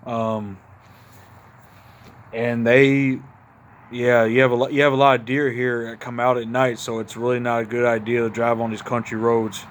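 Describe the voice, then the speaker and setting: A man's voice: mid-range voice, little pitch movement, moderate pace, a little hiss or hum. A man from Mississippi with a Southern accent, chatting casually into his phone camera in his backyard at night, a little tipsy after a couple of beers. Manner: laid-back, rambling, addresses viewers as y'all. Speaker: vlogger. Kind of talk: casual outdoor chat to camera.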